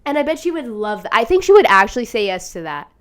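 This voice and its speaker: A young woman talking casually on her own show, with a slightly high voice that jumps around a lot. She swears freely and gets emotional. Her laughs crack into near crying, and her voice goes loud and shrill in the excited bits. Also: fast talker. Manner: emotional, swearing, laughing through tears, animated. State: sick, tearful. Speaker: podcast host. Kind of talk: casual monologue.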